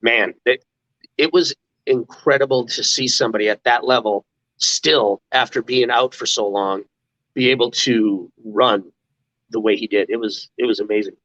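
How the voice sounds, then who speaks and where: A man's voice: mid-range voice, moderate pace, fairly bright tone, no room sound, highs cut off. A middle-aged man from the United States, a guest in an interview, telling casual stories with many restarts and laughs. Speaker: interview guest, former mascot. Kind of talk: casual storytelling.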